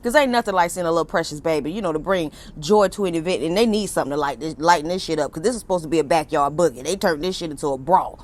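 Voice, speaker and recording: A woman's voice: low-pitched, racing, few pauses, a little mellow. Sassy woman. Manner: sassy, blunt, profane, laughs often. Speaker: reality TV recap host. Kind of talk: casual recap commentary.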